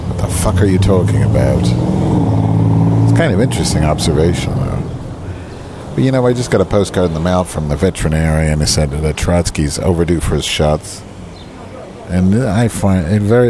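This is a rumbling, low male voice, animated and at normal speed, grumbling through a casual outdoor vlog. He's on a park bench, swearing and pitying himself as he rambles on. Birdsong and traffic noise fill the background.

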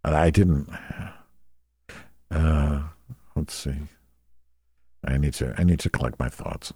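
A man's voice: rumbling low, slow pace, heavy background noise. A man telling a rambling comic story, crude and sarcastic, often going off on tangents.

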